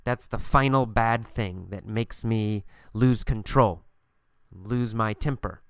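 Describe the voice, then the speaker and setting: A man's voice: on the low side, slow pace, clear, resonant tone, no room sound, clean studio sound. A man teaching an English lesson by telling a story, asking questions and answering them himself with emphatic repetition.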